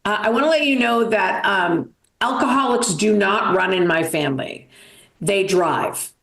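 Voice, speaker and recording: A woman's voice: mid-range voice, lively intonation, a little slow, a bit bright, reverberant. A woman from Massachusetts with a Boston accent, doing a stand-up comedy set over a video call, self-deprecating and dramatic, with lots of fillers.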